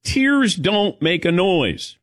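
In a casual studio chat, a man hosting a radio talk show calls on his co-hosts and animatedly acts out quoted voices. His voice sits high and his pace is slow, captured in clean studio sound with no echo.

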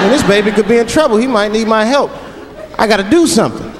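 A man doing a stand-up comedy routine, telling a story with animated delivery and acted-out voices. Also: sits high, fast talker, a little hiss or hum. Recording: live club set over loud crowd laughter. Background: audience laughter.

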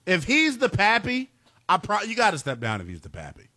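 Bright, animated sports talk co-host. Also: male voice, sits high, brisk, no room sound, studio quality. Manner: animated, incredulous, rising to shouted rhetorical questions. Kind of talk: sports talk radio banter.

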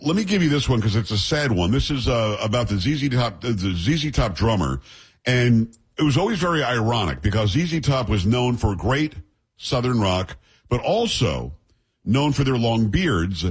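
A man's voice: mid-range voice, sing-song, normal speed, slightly rough. A middle-aged man hosting a radio talk show, chatting and joking casually with his sidekick. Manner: chatty, jokey banter with sidekick.

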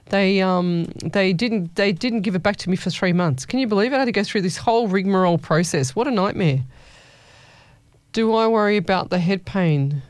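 A woman's voice: medium pitch, dry recording. A woman hosting a casual call-in radio show, chatty and familiar, calling listeners "lovey". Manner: chatty, warm-hearted, calls listeners "lovey". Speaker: radio host. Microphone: studio microphone.

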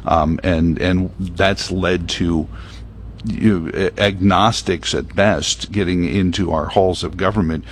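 A man's voice: low voice, steady tone, slow, a little hiss or hum. A man hosting a talk radio show, chatting casually in a rambling, opinionated way full of fillers. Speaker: radio host. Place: broadcast booth at a prayer meeting venue.

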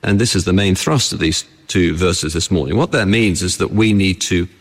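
A man's voice: deep voice, normal speed, in a large hall. A man preaching a sermon to his congregation. He keeps the tone conversational and often puts rhetorical questions to his listeners. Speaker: pastor. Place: church.

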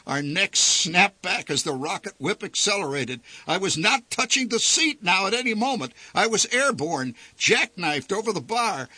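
A man reading a story aloud with theatrical flair, his voice rising and falling in big sweeps. The tone is bright with a breathy, husky grain, set close and dry against a quiet background. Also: high voice, dry recording. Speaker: narrator.

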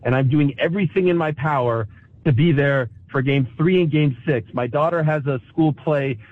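A man's voice: fairly high pitch, normal speed. A man in his thirties from Montreal, talking about his team with emotion, often stumbling over his words, calling himself a pessimist. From Montreal, Canada. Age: 30s. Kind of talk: casual chat. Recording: tinny phone line.

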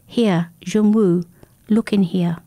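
A woman voicing a grave, patient male monk who speaks slowly and solemnly. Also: mid-range voice, fairly even intonation, warm tone, no echo, clean studio sound.

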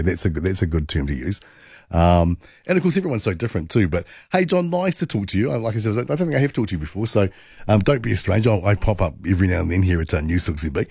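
A man's voice: fairly low pitch, creaky, darkish tone, husky, dry recording, clean studio sound. A man with a New Zealand accent hosting overnight talkback radio, chatty and rambling with many fillers. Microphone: studio microphone.

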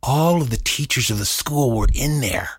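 A middle-aged man telling a story in an animated way, acting out voices and sound effects. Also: mid-range voice, normal speed, slightly rough, dry recording, clean studio sound. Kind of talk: storytelling performance.

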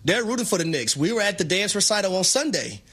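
A man co-hosting sports talk radio, joking in an animated, preacher-like exhortation. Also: sits high, fast talker, breathy edge.

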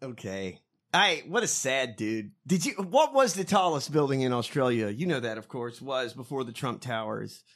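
A man's voice: medium pitch, very animated, moderate pace, a bit bright. A man co-hosting a casual political chat, mocking and profane, who laughs often. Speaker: co-host.

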